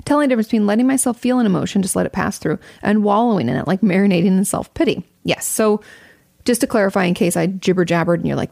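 Candid woman with a gravelly edge. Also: medium pitch, fast talker, dry recording, clean studio sound. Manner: candid, swears freely, animated and conversational. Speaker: host answering audience questions. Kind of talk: casual advice talk. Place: home.

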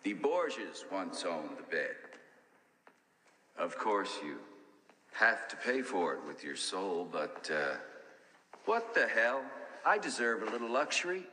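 A man's voice: fairly low pitch, very animated, slow, pauses often, sharp tone, a little hiss or hum, exaggerated voice. An actor playing a lecherous, devilish man who talks slyly and suggestively, sometimes dropping to a whisper. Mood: smug. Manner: sly, insinuating, drops to a whisper.

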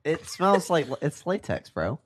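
A man's voice: a little high, very animated, unhurried. A young man joking around and teasing his friends on a casual podcast. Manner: jokey, teasing banter. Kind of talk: casual chat among friends. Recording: loud background noise.

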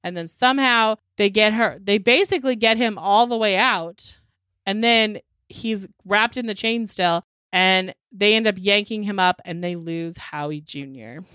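A woman's voice: mid-range voice, measured pace, clear, resonant tone, dry recording. A woman hosting a podcast, casually recapping a movie with lots of swearing and acted-out lines. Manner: animated, swears freely, acts out characters' lines. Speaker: podcast host.

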